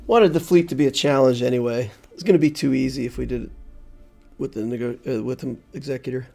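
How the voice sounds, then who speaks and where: Man, gravelly voice, game streamer, live gameplay commentary, mutters to himself, faint music behind. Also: medium pitch, fast, mellow. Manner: thinks aloud, mutters to himself while playing.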